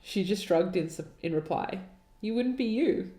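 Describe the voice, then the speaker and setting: In an expressive, mellow, mid-range voice at a measured pace, a woman co-hosting a podcast gives a dramatic reading of her old writing. She mocks it with sarcastic, exasperated, laughing asides, recorded with a roomy echo.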